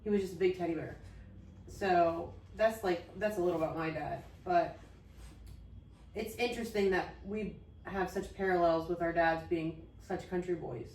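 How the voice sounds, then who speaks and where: Woman co-host, heartfelt and earnest, lower voice, echoey room, set back from the mic. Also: normal speed, a little mellow, far from the mic, a little hiss or hum. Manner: earnest, open, loses her train of thought. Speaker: podcast co-host. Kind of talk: heartfelt conversation about grief.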